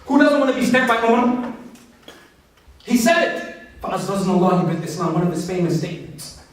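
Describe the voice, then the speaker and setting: A man's voice: high-pitched, lively intonation, very fast, far from the mic. A man giving a passionate, conversational religious talk and addressing his audience directly. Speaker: speaker. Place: large echoey hall. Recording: echoey hall, voice from afar.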